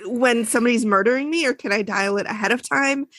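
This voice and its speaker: A woman co-hosting a podcast, telling a story in a casual, animated way and acting out the people she quotes. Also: on the high side, quick pace, no echo. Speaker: podcast co-host. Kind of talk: casual chat.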